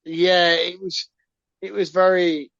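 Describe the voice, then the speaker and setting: A man's voice: high voice, level tone, slow pace, creaky, fairly bright tone, dry recording. Teasing southern English man, dull dry mic. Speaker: podcast co-host. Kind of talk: casual film review chat.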